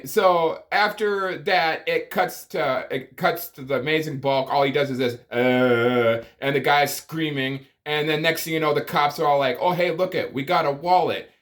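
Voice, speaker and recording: A man's voice: fairly high pitch, a bit bright. A man giving a profane comedic movie review, exasperated and ranting, with sighs and groans of disbelief. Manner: exasperated, swearing, sighing rants.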